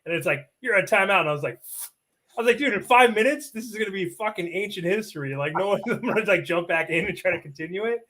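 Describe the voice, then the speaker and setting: A man talking quickly on a livestream, a bit high-pitched for a man. He tells his stories in an excitable, profane rush. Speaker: guest streamer. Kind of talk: casual livestream chat.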